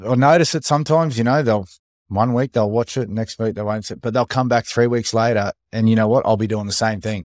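An energetic Australian man hosting a casual podcast interview, talking bluntly with some swearing and calling his guest mate. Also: fairly low pitch, a little fast, dry recording. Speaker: podcast host.

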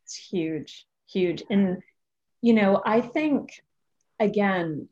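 A woman's voice: mid-range voice, very slow, warm tone. A woman hosting a casual podcast chat, candid and laughing through her stories. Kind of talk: casual conversation. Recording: dull lo-fi audio.

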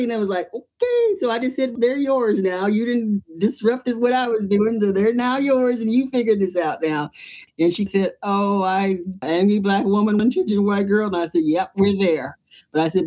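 A woman artist and playwright from the United States, telling a lively story in an interview, acting out voices and laughing often. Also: mid-range voice.

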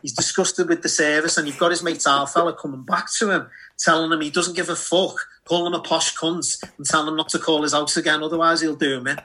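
A man, telling a sweary, animated story in a casual chat. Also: on the high side, fast talker, hardly any pauses. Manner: animated, sweary, acts out voices in anecdotes. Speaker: podcast co-host.

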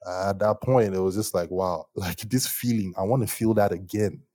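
A young man telling stories about his music start in a casual interview, animated and slangy, laughing often. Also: low voice, normal speed, no room sound. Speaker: musician guest.

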